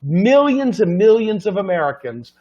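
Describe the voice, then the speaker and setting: Ranting high-voiced man, lo-fi. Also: very animated, normal speed, darkish tone. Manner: exasperated, ranting, incredulous. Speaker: show host. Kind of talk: ranting casual chat. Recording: dull lo-fi sound.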